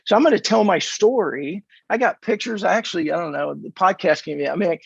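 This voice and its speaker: An American man in his fifties tells stories in a casual interview, with a gravelly, husky voice that sits a bit high for a man. He acts out dialogue with animated energy. The audio is dull and dry, like a remote podcast line. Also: fast, dry recording. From California, USA. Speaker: podcast guest.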